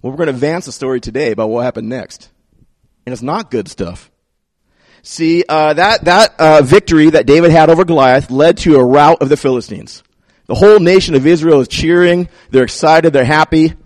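A male pastor preaching a sermon in a conversational, storytelling manner. His voice sits a bit higher than most men's. He drops in playful asides. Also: fairly quick, no room sound, clean studio sound.

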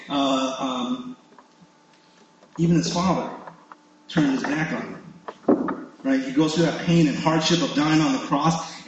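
A man's voice: on the high side, very echoey, highs cut off, a little hiss or hum. A man preaching a sermon in a casual, conversational way, often asking his listeners "right?" and repeating words as he goes. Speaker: pastor.

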